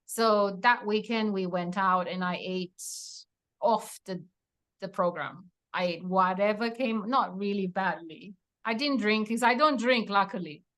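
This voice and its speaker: A woman recounting her own patient story in an interview, animated and acting out the dialogue with frequent laughter. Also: mid-range voice, measured pace. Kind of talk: emotional personal testimony in an interview.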